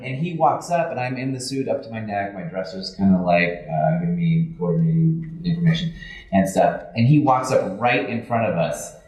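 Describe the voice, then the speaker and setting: A man telling lively stories as a guest on a convention panel, acting out the lines of the people he quotes. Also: lowish voice, moderate pace. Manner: animated anecdotes, acts out quotes. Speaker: guest, suit performer. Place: convention hall room. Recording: echoey convention room.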